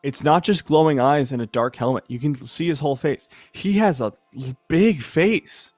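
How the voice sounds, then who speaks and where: Young male color caster, chatty and enthusiastic, slightly hoarse. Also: a little high, moderate pace, a little mellow, dry recording, faint music behind. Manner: chatty, enthusiastic, laughs easily. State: a little hoarse. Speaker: esports co-caster. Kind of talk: live color commentary.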